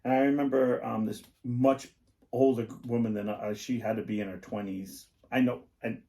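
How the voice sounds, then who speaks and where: A man's voice: mid-range voice, steady tone, moderate pace, dark tone. A middle-aged man co-hosting a podcast, chatting casually and rambling through his stories with lots of fillers. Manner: rambling, filler-heavy storytelling. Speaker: podcast co-host. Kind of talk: casual chat.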